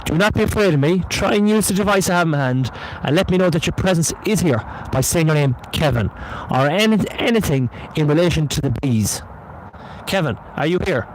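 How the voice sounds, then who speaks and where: A man with a fairly high voice coaxes spirits to speak during a spirit box session. He calls out again and again in a patient, pleading way while walking outdoors at night, with faint outdoor noise behind him. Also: lively intonation, fairly quick, poor audio. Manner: coaxing, repetitive calling out. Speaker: paranormal investigator.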